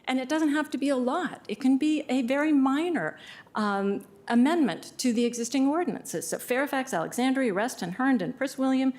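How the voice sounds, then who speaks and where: A woman's voice: sits high, moderate pace, darkish tone. A woman giving passionate, exasperated public testimony at a county hearing.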